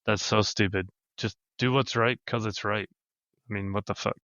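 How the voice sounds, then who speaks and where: A man's voice: on the low side, fairly even intonation, moderate pace, fairly bright tone, dry recording, highs cut off. A man co-hosting a casual podcast, laid-back and blunt, swearing casually. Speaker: podcast co-host.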